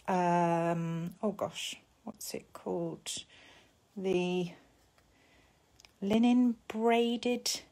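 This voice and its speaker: A woman with an English accent chatting casually while she makes a craft live, talking to herself as she works. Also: fairly high pitch. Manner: chatty, talks to herself while working, drops to soft murmurs. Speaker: papercraft host.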